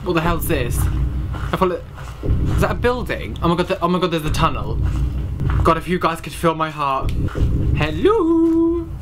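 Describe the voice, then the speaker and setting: A man's voice: fairly high pitch, animated, brisk, long pauses, noisy background. A young man commenting on a horror game he is playing, jumpy and panicky, exclaiming and swearing often. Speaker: gaming channel host.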